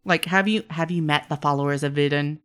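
A woman voicing a mischievous male trickster spirit who talks in a playful, drawn-out, chatty way. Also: low voice, fairly bright tone. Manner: teasing, drawn-out, chatty with trailing fillers.

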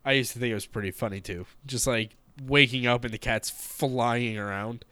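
A man's voice: medium pitch, steady tone, moderate pace, bright, forceful tone, dry recording. A man co-hosting a casual podcast, often restarting words and laughing at his own blunt jokes. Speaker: podcast co-host. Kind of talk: casual chat.

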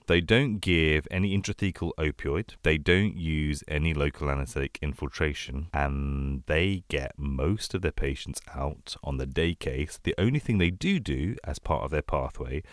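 A man co-hosts a casual clinical podcast, his voice sitting very low. He talks in animated bursts, rattling through lists and pushing his pitch up when he gets excited. The sound is dry and close. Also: normal speed, dry recording. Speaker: anesthesiologist podcast co-host.

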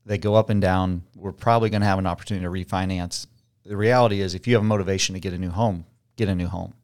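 Candid low-voiced man telling his story. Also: fairly even intonation, rapid-fire, darkish tone. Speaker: real estate agent guest. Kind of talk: casual interview chat.

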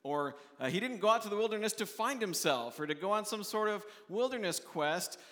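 A man preaches an earnest midweek sermon, talking it through plainly and often restarting his phrases. His voice sits on the higher side, and long reverb from the church hall trails after each line. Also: a bit bright. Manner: earnest, restarts often, voices quoted questioners in a raised pitch. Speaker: pastor.

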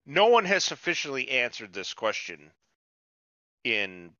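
A man's voice: medium pitch, sing-song, measured pace, pushed and bright, no echo, lo-fi sound. A man co-hosting a podcast in casual chat, rambling and swearing freely with many restarts. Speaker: podcast co-host.

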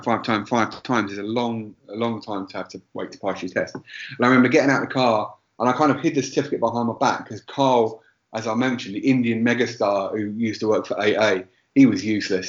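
A man telling a rambling, self-deprecating story in casual podcast chat. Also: on the low side. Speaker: podcast co-host. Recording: roomy, dull lo-fi sound.

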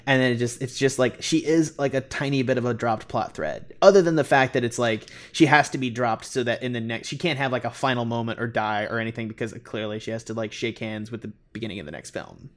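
A man hosting a podcast chats casually about films. He rambles, piling up fillers as he talks. His voice sits at an ordinary middle pitch. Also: fast talker, hardly any pauses. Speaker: podcast host. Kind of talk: casual chat and host-read ad.

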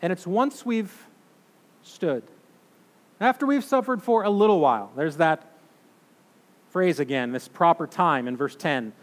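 Male pastor, high-pitched, sermon in a church, long hall reverb, emphatic then hushed. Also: expressive. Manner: emphatic, swings between loud declarations and hushed slow phrases.

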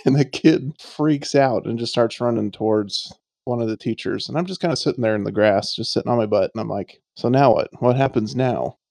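A man's voice: mid-range voice, a little fast, gravelly, a little mellow, no echo. A man telling stories in casual chat, swearing, laughing and acting out the voices of people he quotes.

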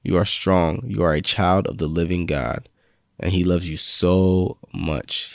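A man's voice: low-pitched, little pitch movement, a little slow, vocal fry, no echo, clean studio sound. A young man giving a casual, slangy faith talk that builds into fervent spoken confessions. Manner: laid-back slangy preaching, rising to fervent confessions. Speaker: faith vlog host.

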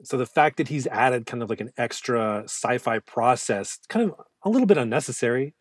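A man's voice: medium pitch, expressive, a little fast, no echo, studio quality. Joking, swearing podcast co-host man. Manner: joking, rambling, swears freely. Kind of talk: casual movie-review chat.

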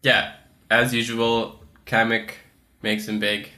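A man's voice: medium pitch, little pitch movement, takes it slowly, pushed and bright. A man co-hosting a casual gaming podcast, easygoing, laughing along with short agreeing replies. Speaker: podcast co-host.

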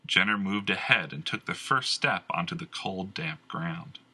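A man reads a fantasy novel aloud in a measured, expressive scripted narration. His low voice is husky yet very bright, and he takes his time, moving his pitch up and down a great deal. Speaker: audiobook narrator.

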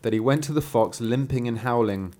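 A man's voice: mid-range voice, brisk, dark tone. A man casually reading a fairy tale aloud with playful asides. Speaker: storyteller.

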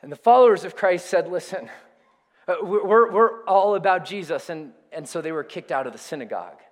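Animated male preacher in a reverberant hall. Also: sits high, a little fast. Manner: animated preaching, calls on the congregation to repeat words. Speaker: pastor. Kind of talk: sermon. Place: church sanctuary.

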